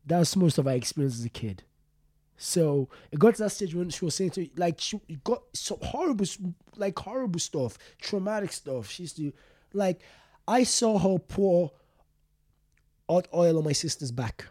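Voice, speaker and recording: A young man telling a personal story as an interview guest, rambling and halting with many fillers and restarts. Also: high voice, lively intonation, warm tone, no room sound, studio quality. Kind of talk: casual interview talk.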